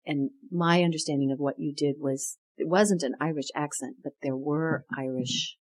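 A woman from the United States interviews theater makers in a low, husky voice. She is reflective and analytical, thinking aloud as she asks. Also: moderate pace, darkish tone. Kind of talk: conversational interview.

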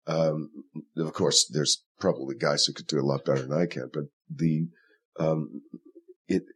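A man, an actor, talking through his work in a relaxed interview, thoughtful and rambling with many fillers. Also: extremely low pitch, normal speed, breathy edge. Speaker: actor in the play. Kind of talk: conversational interview.

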